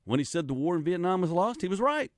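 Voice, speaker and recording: Animated older man hosting talk radio. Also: high voice, quick pace, no echo, studio quality. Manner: rambling, animated, with frequent restarts and laughs. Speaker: radio talk show host. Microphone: studio microphone.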